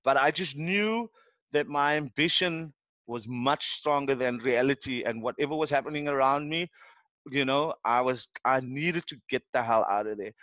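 A man's voice: mid-range voice, moderate pace, no echo, muffled recording. A man from Cape Town with a South African accent, a podcast guest telling a story in a casual way and acting out what people said. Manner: animated, acts out what people said.

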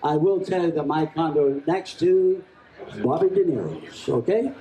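A man calling a live charity auction, joking with the room and rattling off bids in a rapid chant. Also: a little high, expressive, mellow, slight background noise. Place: event hall at a charity gala. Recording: echoey hall with crowd. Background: crowd laughing and chatting.

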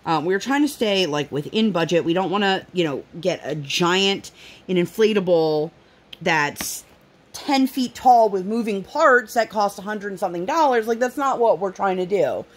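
With a medium-pitched, lively voice at a moderate pace, this vlogger in her thirties crafts while talking casually to her viewers. Her story is heavy on fillers, and she performs the quoted lines.

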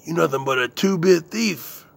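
A man hosting his own show, delivering a slow, boastful rant full of drawn-out catchphrases and chuckles. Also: fairly high pitch, lively intonation, gravelly, slightly rough. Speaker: host.

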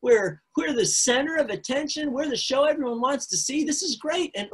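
A man's voice: extremely high pitch, expressive, a bit bright, voice pushed up. A man doing an exasperated disciple. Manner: incredulous, rapid-fire complaints. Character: exasperated male disciple scolding his teacher.

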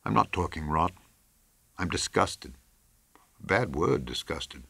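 A man's voice: sits low, animated, slow pace, gravelly, bright, forceful tone, slightly rough, dry recording, full character voice. A man voicing a resentful, sulking rich husband in an audiobook, speaking in a bitter, petulant way. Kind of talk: audiobook character reading.

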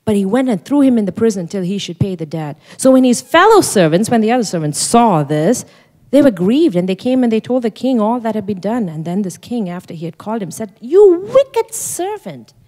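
A woman pastor preaches at a conference with emphatic, repeated phrases and frequent questions to her listeners. Her voice sits at an ordinary middle pitch. It rings out with a long reverb in a large hall. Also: expressive, a little fast, dark tone. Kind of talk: sermon.

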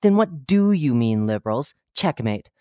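A reader voicing a cheerful, oblivious male radio talk-show host who chats brightly and drops deadpan dark jokes. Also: medium pitch, moderate pace, no echo, lightly acted. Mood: chipper. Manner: chipper, chatty broadcast patter with deadpan dark jokes. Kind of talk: horror fiction reading.

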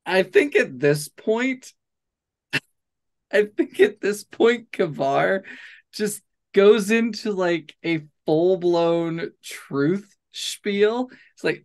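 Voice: mid-range voice, animated, drawn-out words. A player in a tabletop role-playing game, talking casually and speaking in character.

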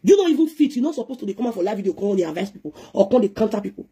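A woman with a Nigerian Pidgin accent talks fast, scolding and preaching on a live video. Her voice is husky, and she switches freely between pidgin and English. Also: medium pitch, big pitch swings, mellow. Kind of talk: heated live-stream rant.

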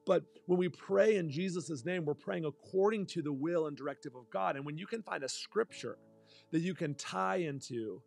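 Male pastor, sermon delivery, somewhat high voice with gravel, soft music underneath. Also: normal speed. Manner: earnest preaching with spoken prayers and restarts.

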